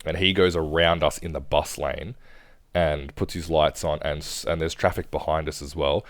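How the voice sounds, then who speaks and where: A man's voice: extremely low pitch, fairly even intonation, normal speed, no echo. A young Australian man telling stories in a casual podcast chat, laid-back and swearing often. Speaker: podcast co-host.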